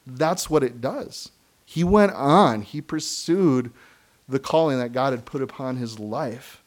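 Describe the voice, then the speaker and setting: A middle-aged man preaching a sermon, earnest and emphatic, breaking into short laughs and quick asides. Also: mid-range voice. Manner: acts out quoted voices of kids and believers. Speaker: pastor.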